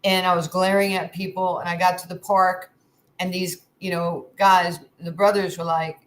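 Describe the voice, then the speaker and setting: A woman's voice: fairly low pitch, a little slow, low-quality recording. A woman in her sixties from New York, a guest telling candid stories in casual chat and acting out the dialogue. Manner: lively, candid storyteller acting out quoted dialogue. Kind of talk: casual storytelling.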